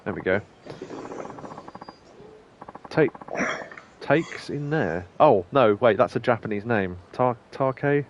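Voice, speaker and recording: Reading in-game dialogue out loud, this young male streamer keeps breaking into chuckly, wandering remarks. The pitch is medium and the pace moderate; there's slight background noise and soft game music.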